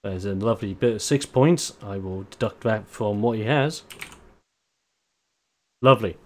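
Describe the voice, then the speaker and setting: A man running a tabletop wrestling role-playing game, narrating moves with lively announcer flair and frequent laughs. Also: on the low side, normal speed, slight background noise. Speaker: game master.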